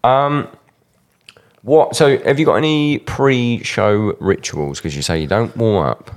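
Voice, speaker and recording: Gravelly deep-voiced man chatting. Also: slow. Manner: swearing, joking, laid-back. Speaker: interviewer. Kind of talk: casual interview chat.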